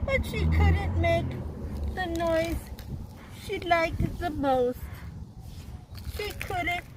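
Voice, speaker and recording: A woman's voice: very high voice, expressive, drawn-out words, background noise. A woman teacher reading a picture book aloud to children, stopping to ask her young listeners questions.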